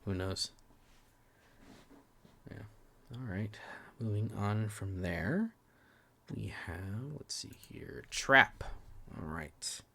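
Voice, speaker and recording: Candid low-voiced man reviewing films. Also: animated, extremely slow, vocal fry, long pauses, bright, forceful tone. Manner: candid, swears freely, restarts words, sometimes drops to a near whisper. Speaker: podcast co-host reviewing films. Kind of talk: casual film review chat.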